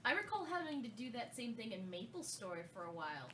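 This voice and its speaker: A woman's voice: on the high side, very animated, fast, fairly bright tone, slight background noise. A young woman co-hosting a podcast, chatting casually about video games and asking the others questions. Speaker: podcast co-host. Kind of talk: casual gaming chat.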